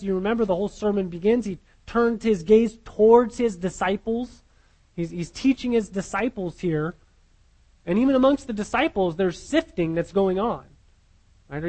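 A man's voice: sits high, poor audio. A man preaching a sermon, earnest, repeating his words and putting questions to his listeners.

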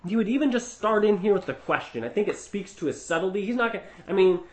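A man gives a conversational Bible teaching, thinking aloud with asides and restarts. His voice sits high for a man, and the recording carries a roomy echo. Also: animated, fast talker, a little mellow. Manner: conversational, many fillers and restarts, rhetorical asides. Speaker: preacher.

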